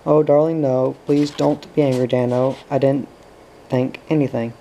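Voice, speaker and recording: A man voicing an anxious young woman who pleads in an earnest, frightened way, in a flat, low, gravelly reading voice. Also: moderate pace, a little hiss or hum, natural voice, low-quality recording. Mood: pleading.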